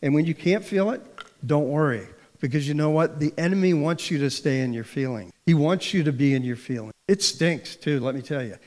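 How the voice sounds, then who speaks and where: A man's voice: on the high side, fairly quick, a little mellow. A man preaching a sermon in an earnest, direct way, posing rhetorical questions to his listeners. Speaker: pastor. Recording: long hall reverb.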